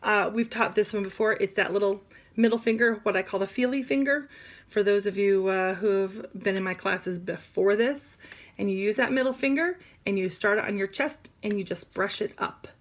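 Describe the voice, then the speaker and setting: A woman teaching sign language vocabulary in an animated, demonstrative way, with playful asides. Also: medium pitch, normal speed. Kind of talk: classroom lesson.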